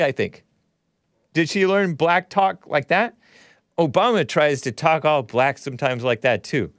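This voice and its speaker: A man's voice: on the high side, unhurried, no echo. Mocking male talk-show host, dry sound. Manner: mocking, sarcastic, chuckling asides. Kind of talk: casual commentary over clips.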